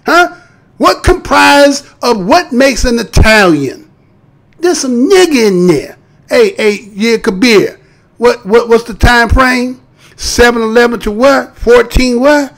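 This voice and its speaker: A man's voice: very high-pitched, animated, slow pace, a bit bright. A man hosting a live stream, giving heated, profane commentary and mocking voices. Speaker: live show host.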